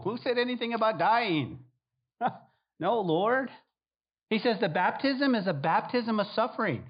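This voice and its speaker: A man preaching a lively sermon, acting out prayers and the disciples' replies in different voices. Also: fairly high pitch, slightly rough. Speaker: pastor. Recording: dull lo-fi sound.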